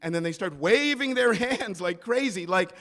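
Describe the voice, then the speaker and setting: A man telling a story on stage at a live event, animated and comic, acting out the people in it. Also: high-pitched, normal speed, long reverb tail. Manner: animated, comic, acts out quoted voices.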